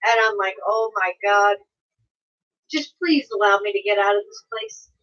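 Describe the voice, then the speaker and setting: A woman's voice: medium pitch, normal speed, fairly bright tone. A woman hosting a casual livestream, chatty and laughing often as she reads viewers' comments aloud. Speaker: livestream host reading chat. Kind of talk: casual chat. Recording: dull sound from a distance.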